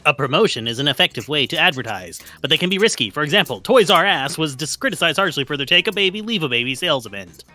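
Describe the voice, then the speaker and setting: A man reading aloud, deadpan, the lines of a cold, profit-minded schemer in a dating game. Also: a little high, quick pace, few pauses, dry recording, soft background music, exaggerated voice.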